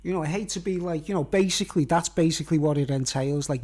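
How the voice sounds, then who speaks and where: Rambling middle-aged Englishman, slightly high voice. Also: fast talker, hardly any pauses, a little mellow. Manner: meandering, repeats "you know what I mean", restarts phrases. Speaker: vlogger. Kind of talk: rambling monologue to camera.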